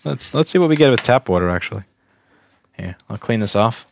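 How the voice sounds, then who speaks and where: A man's voice: fairly low pitch, expressive, brisk, vocal fry, a little hiss or hum. A young adult man from Staten Island, a repair technician casually talking through a bench test on a livestream, thinking aloud, restarting sentences and speaking bluntly. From Staten Island, New York.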